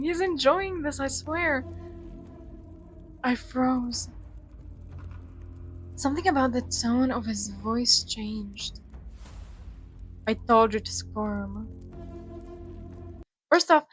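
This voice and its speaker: A woman's voice: sits high, fairly bright tone. A woman gaming YouTuber reading a survival visual novel aloud, mixing dramatic reading with joking commentary.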